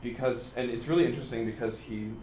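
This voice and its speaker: A man's voice: mid-range voice, steady tone, fast talker, a little mellow, slight background noise. A male student explaining his view in a classroom discussion, thinking aloud and searching for words. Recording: echoey classroom audio.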